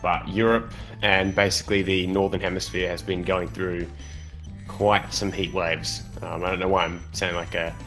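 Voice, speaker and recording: A man with a notably low voice hosts a casual game race commentary. He rambles in easygoing small talk, restarting sentences and filling pauses, with faint music behind him. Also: level tone, a bit bright. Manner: rambling, chatty, many fillers and restarts.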